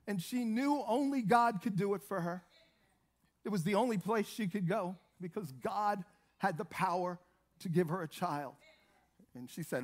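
A man's voice: sits high, expressive, moderate pace. A man preaching a sermon in an emphatic, repetitive way, calling out hallelujah.

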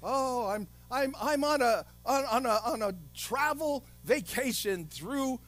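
Male preacher doing a soft-spoken dreamer, marveling, playful, high and lilting. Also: expressive, slow, exaggerated voice. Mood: dreamy. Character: dreamy man imagining himself anything.

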